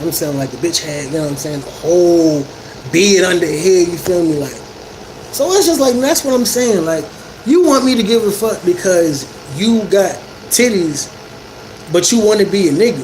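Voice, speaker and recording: A man with a high voice spins a story for his livestream chat, animated and quick to laugh, his talk full of casual profanity and slang. A steady air-conditioner hum runs loud behind him. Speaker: livestreamer telling stories to chat.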